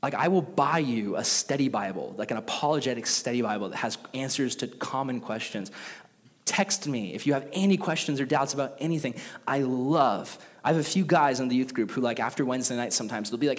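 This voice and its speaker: A young man preaching a casual youth sermon who tells stories with lively voices for the characters. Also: brisk, in a large hall. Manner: animated storytelling, acts out characters with jumps in pitch. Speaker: youth pastor.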